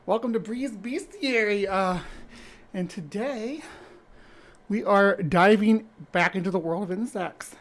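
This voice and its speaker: A woman's voice: mid-range voice, a little slow. A woman hosting a casual live stream, chatty and rambling, a little out of breath. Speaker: host.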